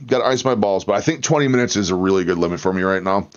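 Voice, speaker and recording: A man with a fairly low voice chats casually on his livestream, talking back to viewers in a loose, friendly way. The audio is dull and lo-fi, like a basic stream mic. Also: racing. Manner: chatty, reacting to viewers and the narration. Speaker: livestream host. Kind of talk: casual chat.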